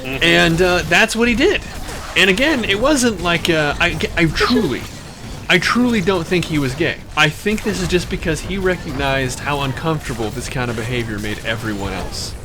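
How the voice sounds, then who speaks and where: On a live stream, a man spins a long, meandering, foul-mouthed tale and keeps breaking off to address chat. He's slightly high-voiced with lively intonation at normal speed, and music plays clearly in the background.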